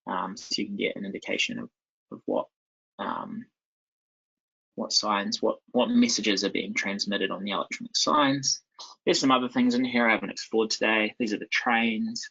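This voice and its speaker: Gravelly, husky New man demoing. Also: lowish voice, pushed and bright. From New Zealand. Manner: loose and chatty, many ums and restarts. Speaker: conference presenter. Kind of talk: live software demo walkthrough. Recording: dull lo-fi sound.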